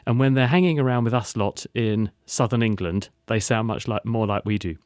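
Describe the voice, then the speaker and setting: A man's voice: on the low side, brisk, a little mellow, no room sound, studio quality. A man hosting a science podcast, explaining in a string of rhetorical questions and answers.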